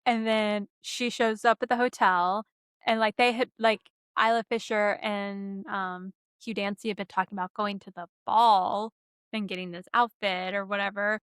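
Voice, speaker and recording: A woman's voice: medium pitch, moderate pace, clean tone, dry recording, studio quality. A young woman cohosting a podcast, chatting casually about a movie and acting out its scenes. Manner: animated, acts out scenes with quoted voices.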